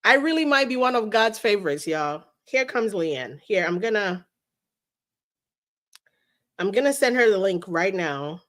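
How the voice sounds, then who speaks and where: A woman hosting a casual livestream, chatting about a lawsuit and reading viewer messages aloud in an animated way. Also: medium pitch, unhurried, long pauses. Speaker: livestream host.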